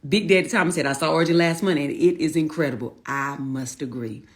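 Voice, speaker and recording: A woman's voice: low voice, fast talker. A woman in her forties hosting a casual livestream, greeting viewers one by one and calling them honey and y'all. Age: 40s. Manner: warm, chatty Southern-style greetings, calls viewers honey and y'all. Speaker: livestream host.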